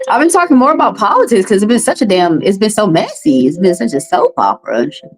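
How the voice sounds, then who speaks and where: A woman's voice: medium pitch, quick pace, over music, rough recording. Chatty Southern woman reading tarot. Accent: Southern US, Texas. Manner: chatty, profane, animated asides. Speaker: tarot reader. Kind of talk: casual live-stream chat.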